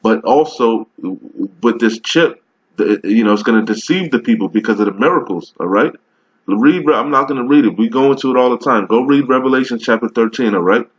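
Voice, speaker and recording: A man's voice: medium pitch, fairly quick, husky, lo-fi sound. A man giving casual, emphatic religious commentary over a video, rambling and often asking "all right?". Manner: rambling with many restarts while browsing.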